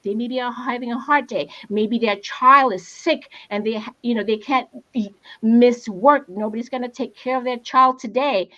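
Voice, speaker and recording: Expressive woman telling stories on a call. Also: on the high side, moderate pace, lo-fi sound. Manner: expressive, storytelling, repeats "right?". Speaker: panel speaker. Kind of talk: conversational panel talk.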